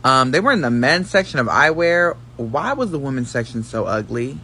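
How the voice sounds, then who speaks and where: A man's voice: mid-range voice, big pitch swings, normal speed, bright, forceful tone, a little hiss or hum. Brash, profane man monologuing to camera. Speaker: social media commentator.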